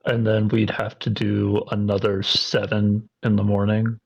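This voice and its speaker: A man at a tabletop game who thinks out loud, slow and unhurried. His voice is gravelly and husky, and the mic sounds dull. He is a little low in pitch. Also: completely flat delivery. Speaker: player. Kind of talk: casual game talk.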